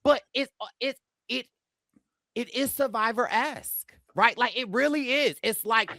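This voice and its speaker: A man co-hosting a casual TV recap podcast, excitable and laughing often, breaking into quoted voices. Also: very high-pitched, measured pace, vocal fry, dry recording, clean studio sound. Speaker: podcast co-host.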